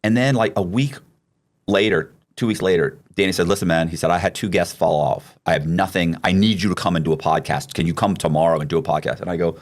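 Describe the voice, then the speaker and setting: A man hosting a podcast, telling a long story in a loose, profane, animated way with many restarts. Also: low voice, quick pace. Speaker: podcast host. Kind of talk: casual storytelling.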